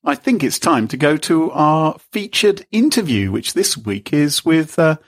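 A man's voice: a little high, big pitch swings, unhurried, slightly rough, no room sound, studio quality. A man hosting a podcast in casual chat, teasing and mock-shocked at his co-hosts. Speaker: podcast host.

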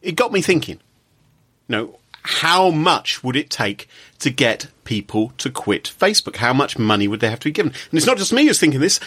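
Animated joking male podcast host. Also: mid-range voice, dry recording. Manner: playful, jokey, animated storytelling. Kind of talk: casual chat.

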